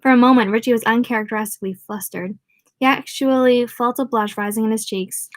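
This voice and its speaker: A woman reading a novel aloud in a relaxed amateur way, stumbling over words now and then and restarting. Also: on the high side, fairly quick, dry recording. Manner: informal amateur reading with slips, restarts and asides. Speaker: audiobook reader. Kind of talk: casual read-aloud of a novel.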